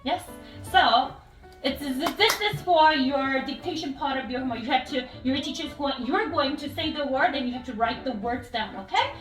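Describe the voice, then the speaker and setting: A woman teaching phonics to small children, her voice high and very bright. She repeats each word slowly and cheers them on. The sound is echoey and a little distant, like a classroom. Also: lively intonation, faint music behind. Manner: slow, encouraging, repeats words clearly. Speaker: English teacher. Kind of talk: phonics lesson with young children.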